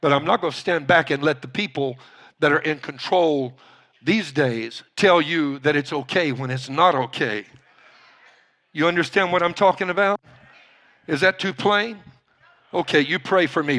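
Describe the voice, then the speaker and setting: A male pastor preaching a sermon, slowing down to stress key points and building up to shouting. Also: a little high, expressive. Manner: emphatic, builds from quiet to shouting; slows down to stress key words.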